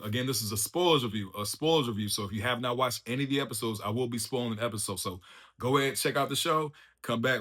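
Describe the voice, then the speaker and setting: A man hosting a casual spoiler review of a TV show, excitable and slangy, laughing often as he recaps. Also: medium pitch. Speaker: TV review channel host.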